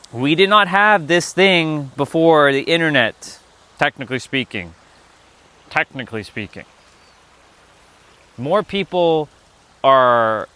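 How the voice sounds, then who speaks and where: A man's voice: on the high side, bright, forceful tone. A man hosting a casual motivational livestream outdoors, blunt and playful, swearing freely and chatting to viewers while he walks among rocks. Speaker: livestream host.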